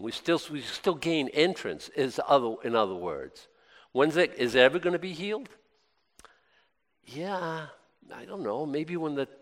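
Animated preacher in a reverberant hall. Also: male voice, mid-range voice. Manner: conversational preaching with rhetorical questions and sudden excited bursts. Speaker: pastor. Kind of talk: sermon.

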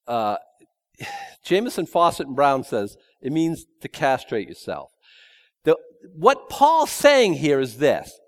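A man preaching a verse-by-verse sermon in a conversational way, with joking asides and emphatic repetition. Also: fairly high pitch. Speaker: pastor. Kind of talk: expository sermon.

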